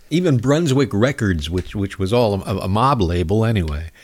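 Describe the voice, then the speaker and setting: A man's voice: lowish voice, expressive, a little slow. A man hosting a talk show, delivering a sarcastic, angry monologue. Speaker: radio show host.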